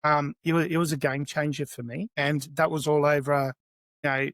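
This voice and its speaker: A middle-aged man being interviewed on a podcast, talking in a slightly high voice. He tells lively stories with frequent restarts and repeated words. The sound is close and dry, with no room around it. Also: moderate pace, dry recording. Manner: animated anecdotes with many restarts. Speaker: guest chef.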